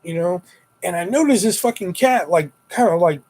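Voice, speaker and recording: A young man hosting a casual livestream, rambling and swearing as he tells animated stories and jumps up high when he quotes himself. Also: normal speed, low-quality recording. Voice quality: profane, rambling storyteller. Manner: animated retelling with high-pitched quoted exclamations. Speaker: livestream host. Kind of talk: casual live-stream chat.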